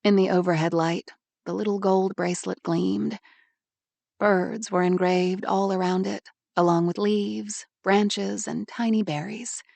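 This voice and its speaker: A woman narrating an audiobook in a measured, even way. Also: mid-range voice, gravelly, no echo. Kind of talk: scripted narration.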